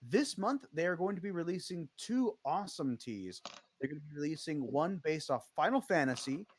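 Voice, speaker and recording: A man's voice: on the high side, big pitch swings, moderate pace, slightly rough. A man running a tabletop game as game master, talking casually with many fillers.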